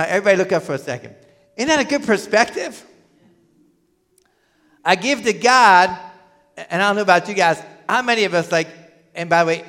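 A man preaching a sermon as pastor, animated, swinging from emphatic peaks to quiet asides. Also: on the high side. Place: church hall. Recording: hall reverb.

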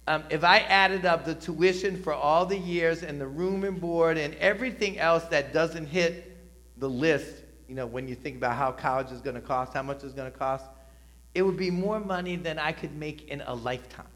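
A man's voice: a little high, moderate pace, fairly bright tone. A middle-aged man preaching a sermon to a church congregation, talking conversationally with emphatic rises and frequent "right?" asides. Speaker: pastor. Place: church sanctuary.

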